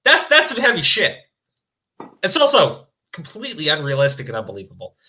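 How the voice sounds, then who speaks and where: A man's voice: a little high, wildly swooping pitch, a little fast, bright, forceful tone. A man hosting a stream, reading fan fiction aloud with mocking, profane commentary. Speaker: stream host.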